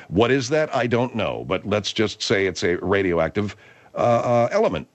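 A man hosting a rambling comedy talk, reading news aloud haltingly and exasperated. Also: on the low side, animated. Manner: halting, stumbling reader, exasperated.

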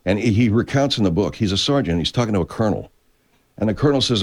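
A man with a lowish voice, lively intonation and a quick pace hosts a show in California. His casual chat rambles, digresses and swears freely, with many restarts.

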